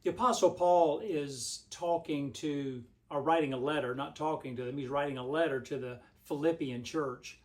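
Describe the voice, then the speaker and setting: A man's voice, pitched a little high for a man. He delivers a short devotional like a pastor, telling a homespun story in a relaxed, meandering way. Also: normal speed, few pauses. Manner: homespun, rambling storyteller with frequent restarts.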